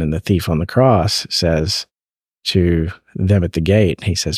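A man's voice: sits low, unhurried, darkish tone, slightly rough, dry recording, studio quality. A man hosting a faith podcast, asking earnest questions and quoting scripture in casual conversation. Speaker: podcast host, parent.

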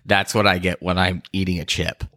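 Man, podcast co-host, deep voice, jokey and playful banter. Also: level tone, a little fast, bright, forceful tone, dry recording, clean studio sound. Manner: joking, playful. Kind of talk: casual chat.

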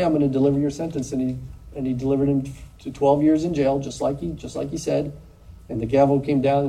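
A man preaching a sermon in an earnest, measured way, with pauses. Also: medium pitch, gravelly, mellow, breathy edge, distant mic, rough recording. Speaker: pastor.

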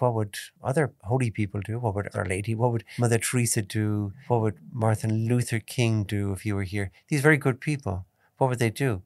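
A priest giving a calm, measured spoken meditation, stressing key points by repeating them. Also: male voice, fairly low pitch, gravelly, no room sound, clean studio sound. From Ireland. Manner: calm, measured teaching tone with emphatic repetitions.

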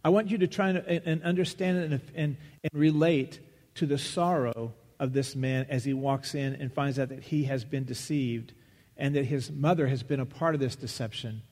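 A man preaching a sermon as pastor, earnest and searching, pausing and restarting as he goes. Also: medium pitch, fairly even intonation, darkish tone. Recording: long reverb of a large hall.

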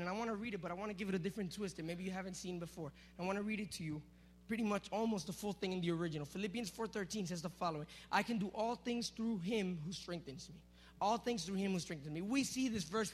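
A man preaching to a youth group, energetic and teasing, calling out to the crowd. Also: high-pitched, a little hiss or hum. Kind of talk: sermon with object lesson.

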